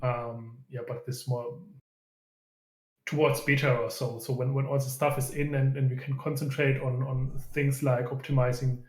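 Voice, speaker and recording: A man who is a game developer, chatting casually and halting often as he searches for words. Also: medium pitch, flat delivery. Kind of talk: casual chat. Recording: echoey room.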